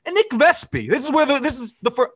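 A man hosting a casual sports podcast, telling animated stories and mimicking his friend's lines. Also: extremely high pitch, fast. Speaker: podcast host.

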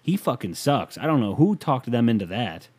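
A man with a mid-pitched voice rants alone into a podcast microphone. He rambles from point to point and swears freely, with a mocking edge. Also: big pitch swings, normal speed, a little mellow, breathy edge. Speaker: podcast host. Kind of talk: casual solo podcast rant.

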